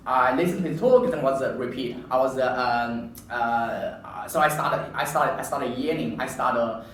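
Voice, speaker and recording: A man giving a personal story speech to an audience, animated and halting, often repeating himself. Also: medium pitch, slight background noise. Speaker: public speaker. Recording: echoey room from far off.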